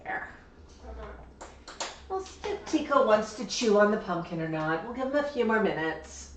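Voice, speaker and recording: A woman's voice: medium pitch, lively intonation, normal speed. Woman coaxing pet birds in an echoey room. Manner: coaxing, sing-song talk to birds. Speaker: parrot owner streaming live. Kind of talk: casual talk to pet birds. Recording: echoey room, voice from far off mic, faint hiss.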